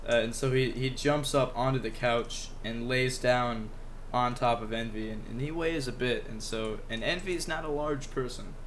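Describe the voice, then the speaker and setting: Bright-voiced man telling a meandering story. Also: medium pitch, moderate pace, few pauses, a little hiss or hum. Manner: meandering storyteller, swears casually. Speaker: podcast co-host. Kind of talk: casual chat among friends.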